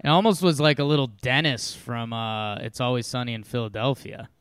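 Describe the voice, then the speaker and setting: A man's voice: medium pitch, fairly quick, a bit bright, clean tone, no echo, studio quality. A man co-hosting a podcast, trading casual sports talk in short, laid-back replies. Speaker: podcast co-host.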